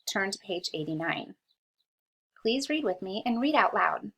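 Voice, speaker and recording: A woman teacher leads children through a read-along history lesson, going slowly and patiently sounding out every word. Her mid-range voice is sing-song, husky and a bit bright with vocal fry, heard over poor audio.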